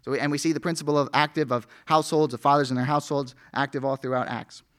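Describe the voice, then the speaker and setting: A man's voice: mid-range voice, steady tone, fast talker, fairly bright tone. A male pastor preaching an earnest sermon, reading scripture aloud with rising emphasis.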